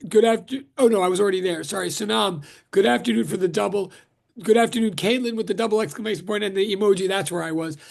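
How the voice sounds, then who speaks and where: A male physics professor greets his class over a video call, chatty and quick to joke. His voice sits high for a man and carries a gravelly, frayed edge. He often breaks off his own sentences. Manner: chatty, self-interrupting, joking. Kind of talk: casual online lecture greeting.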